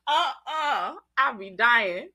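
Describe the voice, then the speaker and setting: A woman hosting a casual livestream, talking straight to her viewers in an animated, chatty way, congested from a cold, with country-sounding speech. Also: high-pitched. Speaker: livestream host.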